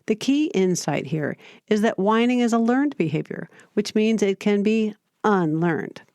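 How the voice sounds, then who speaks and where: A woman hosting a parenting podcast, giving scripted advice in a calm, steady, explanatory way. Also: medium pitch, a little slow, dry recording. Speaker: podcast host.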